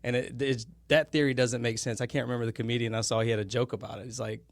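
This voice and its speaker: A man's voice: medium pitch, level tone, fast talker, creaky, no room sound. Rambling podcast guest, a man, dry sound. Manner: rambling, often corrects himself. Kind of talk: casual conversation.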